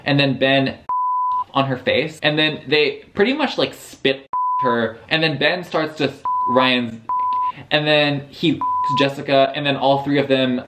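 A man's voice: mid-range voice, unhurried, very noisy. A young man recapping a book for his vlog, casual and sarcastic, swearing freely and slipping into mock voices. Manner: animated, profane, sarcastic retelling with mock character voices. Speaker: book reviewer.

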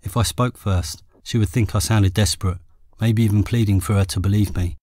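Low-voiced English man narrating an audiobook. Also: dry recording, clean studio sound. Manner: steady, measured reading. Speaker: author reading his own memoir.

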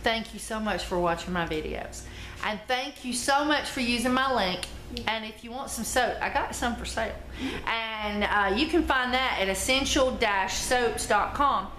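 A woman's voice: fairly high pitch, moderate pace, bright, forceful tone. A middle-aged woman, chatting casually to her viewers in a folksy, talkative way as a soap-making channel host. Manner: chatty, folksy, laughs easily, with fillers. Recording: echoey room with background noise.

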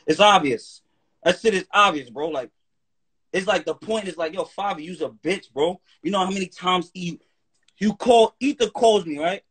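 A man with a high-sitting, husky voice at a moderate pace appears as a guest on a live stream. He goes on a heated, profane, animated rant, often asking "you heard?".

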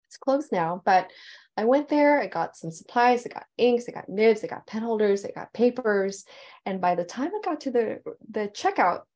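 A woman's voice: a little high, animated, normal speed, a little mellow. A woman calligraphy teacher telling her story in a heartfelt, enthusiastic presentation over a video call.

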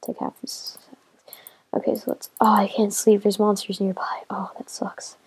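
Woman chatting through her game, excitable, mutters to herself, bit of vocal fry and a raspy edge. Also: medium pitch, normal speed, in a whisper. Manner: excitable, talks to herself while playing. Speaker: gamer. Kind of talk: casual gameplay commentary.

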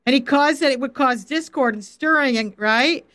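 A woman's voice: sits high, moderate pace, fairly bright tone. A middle-aged woman, a faith coach, giving a Bible teaching on a livestream and talking firmly and directly to viewers in the chat. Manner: direct, firm, talks straight to viewers in the chat.

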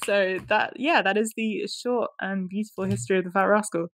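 A woman's voice: medium pitch, fairly even intonation, brisk. A young woman co-hosting a podcast in casual chat, laughing often as she talks. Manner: giggly, laughs often, chatty. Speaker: podcast co-host.

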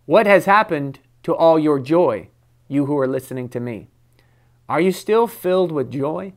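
A man's voice: a little high, animated, moderate pace. A male pastor delivering a devotional sermon, reading scripture aloud and speaking emphatically, sometimes laughing at his own stories. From United States.

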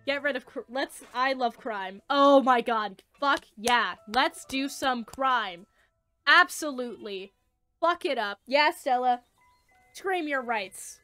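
A woman's voice: high voice, expressive, slow, bright, forceful tone, no echo, faint music behind. A young woman doing playthrough commentary, playful and jokey, swearing freely and putting on silly voices as she reads the game's lines aloud. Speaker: let's player.

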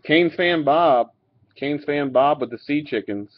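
Speaking slowly in a voice on the high side, a man gives loose, easy commentary while opening card packs. He reads out each card with the odd curse and chuckle, heard through a dull, lo-fi webcam microphone.

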